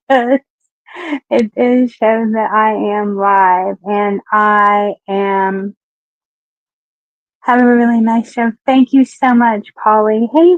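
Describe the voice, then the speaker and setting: Her voice sits on the high side in a dry, muffled home recording. The host, a Southern woman from Southeastern Kentucky, chats frankly on her livestream talk show and calls out viewers by name.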